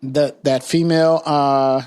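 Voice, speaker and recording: A man's voice: fairly high pitch, little pitch movement, slow pace, darkish tone, clear, resonant tone. A man co-hosting a podcast in casual chat, repeating his points insistently and steering the topics. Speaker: podcast co-host.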